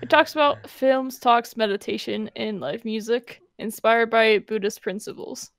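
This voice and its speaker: A teasing, playful woman joining a casual podcast chat. Her voice is a little high, and the recording is dry and close. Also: measured pace, gravelly, dry recording. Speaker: guest, co-host's wife.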